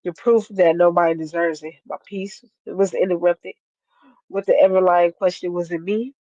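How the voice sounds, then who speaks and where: A guest poet from Ohio, answering interview questions plainly and then reciting spoken-word poetry with a steady rhythm. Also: medium pitch, normal speed, no room sound. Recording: dull lo-fi dry stream audio.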